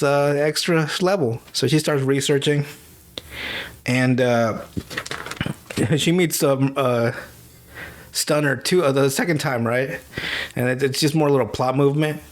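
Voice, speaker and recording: A man hosting a podcast, telling a movie's plot in a loose, swearing, laughing way. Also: mid-range voice. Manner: profane, animated storytelling with laughs. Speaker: podcast host. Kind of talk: casual movie recap.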